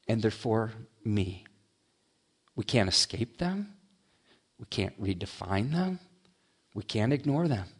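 A man preaching a sermon, mixing quick asides with slow, emphatic lines. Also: a little high. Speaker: pastor.

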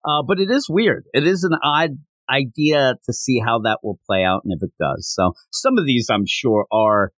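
A man chats through a manga podcast in a loose, joking way, trailing off and restarting as he goes. His pitch rises and falls a lot. The sound is dry and close, with no room echo. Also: expressive, normal speed, a bit bright. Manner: rambling, self-interrupting, joking. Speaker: podcast host. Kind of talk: casual podcast chat.

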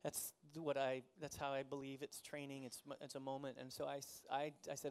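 A man's voice: mid-range voice, little pitch movement, a little fast, few pauses, a little mellow, clear, resonant tone. A man in his forties preaching a conversational sermon, telling a story about himself and laughing often. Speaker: pastor.

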